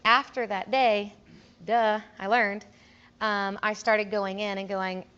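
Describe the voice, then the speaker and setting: A woman's voice: mid-range voice, level tone, takes it slowly, fairly bright tone, clean tone. A young woman, a music teacher giving a casual conference talk, chatty, laughing often and acting out quotes. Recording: dull, lo-fi room recording.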